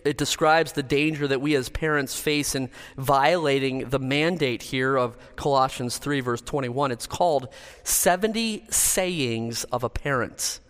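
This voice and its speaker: A man's voice: a little high, fairly bright tone. Earnest male pastor in reverberant church. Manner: earnest, measured, list-driven. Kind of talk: sermon.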